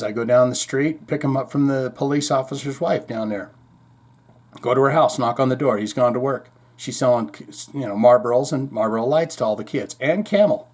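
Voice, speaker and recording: A man's voice: mid-range voice, darkish tone. Rambling irreverent male podcast host. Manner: rambling, irreverent, profane asides. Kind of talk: casual heavy metal news commentary.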